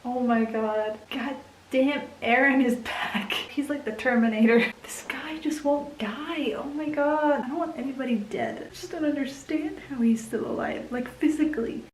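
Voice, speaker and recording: A woman's voice: sits high, normal speed, reverberant, slight background noise, poor audio. A young woman vlogging casually about a book she just read, emotional and teary, laughing often and dropping into whispers. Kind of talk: casual reading vlog.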